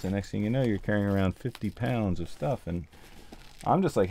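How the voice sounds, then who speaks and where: A man with a fairly low, darkish voice speaks a little fast and with lively intonation. He's a sound mixer hosting a casual livestream, slightly out of breath as he builds gear, thinks aloud with lots of ums, and answers viewers.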